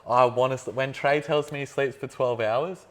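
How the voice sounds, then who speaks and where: A man's voice: medium pitch, fairly even intonation, moderate pace, a crowd in the background. An Australian man talking as a guest in a casual chat, laid-back and swearing freely as he tells stories. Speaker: guest entrepreneur.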